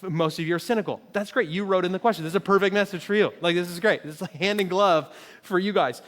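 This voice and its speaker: A man's voice: sits high, fast, fairly bright tone. A man preaching a conversational sermon in a church auditorium, joking with the congregation and acting out quoted voices. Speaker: pastor. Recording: long reverb of a large hall.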